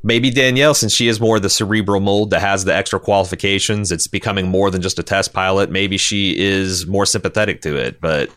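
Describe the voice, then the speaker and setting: A man co-hosting a casual TV recap podcast, rambling and animated. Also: low-pitched, a little fast, hardly any pauses, no echo, clean studio sound. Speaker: podcast co-host.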